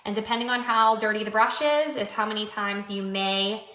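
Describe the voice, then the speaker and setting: A woman's voice: mid-range voice, steady tone, moderate pace, bright, forceful tone, roomy sound, a little hiss or hum. A woman vlogger chatting casually through a beauty product demo, upbeat and full of fillers. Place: home room by mirror.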